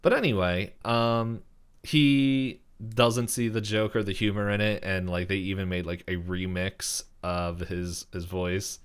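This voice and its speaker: Smooth, lowish young man recapping casually. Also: fairly even intonation, a little slow. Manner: rambling, many fillers, laughs while talking. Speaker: podcast co-host. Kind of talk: casual episode recap chat.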